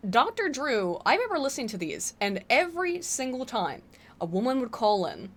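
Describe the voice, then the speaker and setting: A woman's voice: on the high side, huge pitch swings, normal speed. A woman hosting a casual live-stream Q&A, rambling with laughing asides. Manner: rambling, frequent fillers and restarts, laughing asides.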